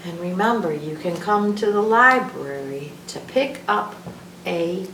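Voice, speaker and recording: A woman's voice: fairly low pitch, lively intonation, a little slow, a bit bright, a little hiss or hum. A woman hosting a library storytime, reading a children's alphabet book and playfully acting out letter sounds. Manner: playful, sing-song phonics teaching with sound effects. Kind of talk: children's read-aloud lesson. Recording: echoey room, distant mic.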